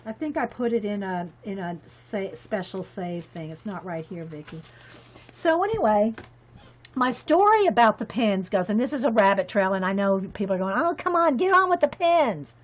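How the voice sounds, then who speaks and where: A woman's voice: medium pitch, animated, normal speed. A woman chatting casually on her craft vlog as she sorts her supplies, rambling and laughing, talking to her viewers by name. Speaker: craft vlogger. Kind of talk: casual chat while organizing. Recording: dull lo-fi sound.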